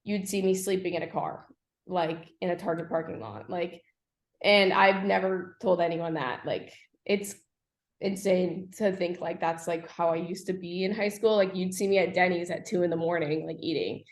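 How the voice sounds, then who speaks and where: A young woman, a podcast guest, telling her personal story candidly, with frequent pauses and fillers. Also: on the low side, steady tone. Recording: echoey room.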